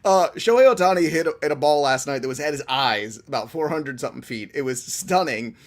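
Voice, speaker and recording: A male podcast host with a fairly high voice, playful and teasing. He runs through player news with upbeat, chatty energy. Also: lively intonation, brisk. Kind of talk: casual fantasy baseball talk.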